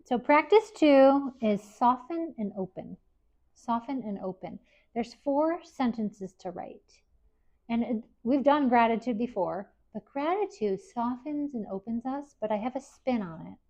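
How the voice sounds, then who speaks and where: A woman presenting a workshop to a live audience at an expo, speaking gently and encouragingly. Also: fairly high pitch, animated, a little slow. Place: event hall with live audience. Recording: dull lo-fi recording.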